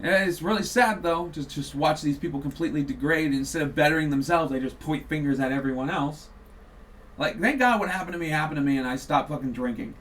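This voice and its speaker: High-pitched dude ranting and cussing on his podcast, kinda far from the mic. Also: fast, fairly bright tone. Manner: heated, sweary, mocking. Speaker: podcast host. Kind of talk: profane political rant.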